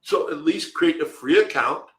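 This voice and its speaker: A man's voice: on the high side, lively intonation, moderate pace, a bit bright, roomy sound, poor audio. A man co-hosting a live webinar, answering viewer questions from the chat in an emphatic, direct way. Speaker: webinar co-host.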